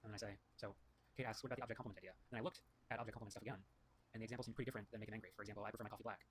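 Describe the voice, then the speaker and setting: Guy rattling thru emails out loud, low voice, super quick, keeps restarting sentences. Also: steady tone, background noise. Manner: rambling, self-correcting, reads quotes aloud. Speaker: host reviewing writing feedback. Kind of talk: thinking aloud while reading emails.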